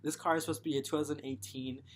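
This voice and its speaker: A man's voice: fairly high pitch, little pitch movement, rapid-fire, a little hiss or hum. A young man talks straight to his viewers in a heated vlog rant. He swears freely and rambles from one complaint to the next, sounding fed up. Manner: frustrated, profane, rambling. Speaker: vlogger. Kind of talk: ranting vlog.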